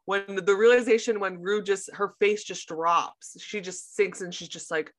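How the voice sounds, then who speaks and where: A woman co-hosts a casual podcast chat, her voice bright and forceful. She retells scenes with animated energy and swears freely. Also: mid-range voice, moderate pace. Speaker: podcast co-host; sister of co-host.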